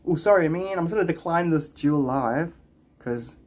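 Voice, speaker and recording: A man's voice: on the high side, lively intonation, normal speed, darkish tone. A man livestreaming casually, chatting in a rambling way and greeting viewers by name.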